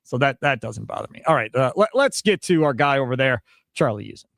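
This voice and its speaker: A man with a Wisconsin accent hosting a sports radio show, arguing his points in an animated way. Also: mid-range voice, fairly quick, vocal fry, a little hiss or hum. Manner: animated, argumentative, mocks others' panic in quotes. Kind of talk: sports talk radio commentary. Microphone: studio microphone.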